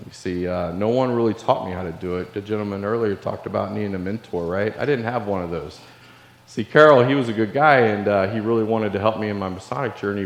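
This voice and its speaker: A middle-aged man from Illinois, a Navy veteran giving a keynote speech and telling a personal story in an earnest, confessional way. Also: on the low side. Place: large hall. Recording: echoey hall with long reverb.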